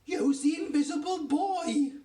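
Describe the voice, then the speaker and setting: A man reading aloud, voicing a bewildered father shouting about floating soap. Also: high voice, big pitch swings, fairly quick, echoey room, distant mic. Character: startled excitable father in a dream.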